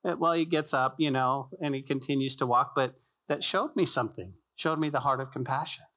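A man of ordinary pitch preaching to his congregation in a church. He drives his points home with repetition and rhetorical questions, then loosens up with casual jokes and asides. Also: a little fast, bright, forceful tone. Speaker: pastor. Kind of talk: sermon.

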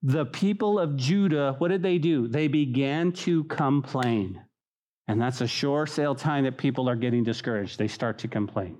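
A man preaching a sermon as pastor, animated and casual, slipping into voices as he acts out little dialogues. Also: medium pitch, normal speed. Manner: casual slang-laced delivery.

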